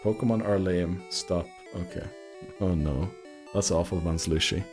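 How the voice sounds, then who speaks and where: A man's voice: sits low, unhurried, darkish tone, faint music behind. A man casually hosting a game live stream, laughing and greeting viewers by name. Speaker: streamer host.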